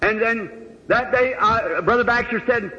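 A man's voice: extremely high pitch, measured pace, sharp tone. A man preaching, telling a story in a folksy, plain-spoken way, acting out the dialogue, before a congregation in a large hall. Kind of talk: sermon storytelling. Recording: old dull recording in a hall.

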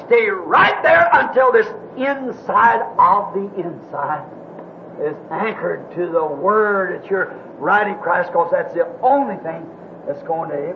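A man preaching a sermon as a minister, swinging from hushed, low talk to fervent shouting. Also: expressive, a little slow. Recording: dull lo-fi tape with faint hiss.

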